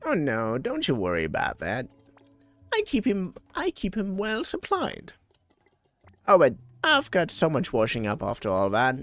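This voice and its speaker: A man's voice: medium pitch, huge pitch swings, unhurried, fairly bright tone, faint music behind, full character voice. A man doing a doting village cook. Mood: fond. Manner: affectionate, chatty. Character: warm older village cook who dotes on others.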